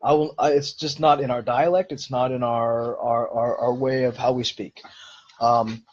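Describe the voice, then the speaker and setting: A man's voice: medium pitch, level tone, moderate pace, darkish tone, highs cut off. A man hosting a live-streamed Q&A, answering viewer questions in an earnest, explanatory way.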